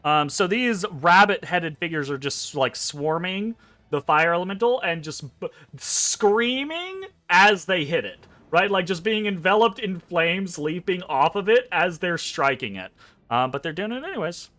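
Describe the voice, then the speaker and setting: A man's voice: high-pitched, measured pace. A man running a tabletop game as game master, narrating animatedly with frequent ums and swearing. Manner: animated, profane, lots of ums.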